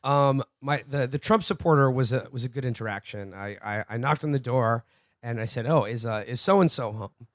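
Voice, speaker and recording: A man's voice: mid-range voice, moderate pace, no room sound, studio quality. A man on a podcast, rambling through casual anecdotes and acting out what people said. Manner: rambling anecdotes with acted-out quotes. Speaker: podcast co-host. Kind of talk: casual chat, storytelling.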